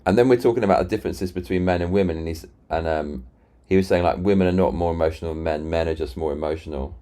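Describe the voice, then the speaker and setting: A man with a very low, deep voice chats casually on a live stream. He rambles, restarts sentences and retells arguments with friends. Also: quick pace, dark tone. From Britain. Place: London.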